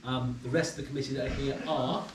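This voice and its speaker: A man's voice: medium pitch, steady tone, quick pace. A man chairing a club meeting in a pub room, introducing people informally and hesitantly with many ums. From England. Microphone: far camera. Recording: roomy, distant, faint room noise.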